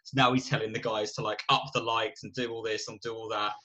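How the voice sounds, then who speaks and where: A man's voice: on the low side, flat delivery, fast, pushed and bright. A man co-hosting a podcast, recapping a film in casual, rambling chat full of restarts and acted-out bits. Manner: rambling, full of likes and restarts, acts out scenes. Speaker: podcast co-host.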